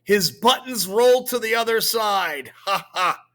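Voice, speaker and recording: A distressed teenage girl, put on by a man reading a storybook aloud, her voice pushed far up and swinging widely as she repeats phrases over and over. The tone stays bright. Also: expressive, unhurried. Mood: blurting. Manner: repetitive, high-pitched outbursts.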